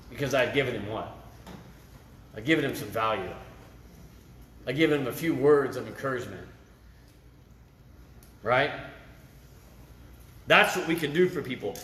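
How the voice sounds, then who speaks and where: A man's voice: mid-range voice, fairly bright tone, roomy sound, slight background noise. A middle-aged man preaching a sermon at a camp meeting, telling personal stories in a conversational way and often asking "right?". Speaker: lay preacher.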